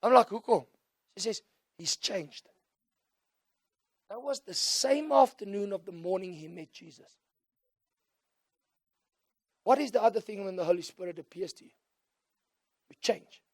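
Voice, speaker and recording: A middle-aged man with a South African accent preaching a sermon, moving between quiet storytelling and loud call-and-response shouts. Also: sits high, a little slow, long pauses, dry recording, clean studio sound. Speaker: pastor.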